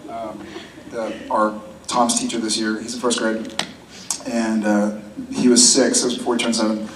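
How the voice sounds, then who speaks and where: Panel guest, male, relaxed storyteller; distant mic, roomy hall. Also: fairly low pitch, moderate pace. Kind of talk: telling an anecdote on stage. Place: convention hall stage. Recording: echoey hall, far from the mic, noisy.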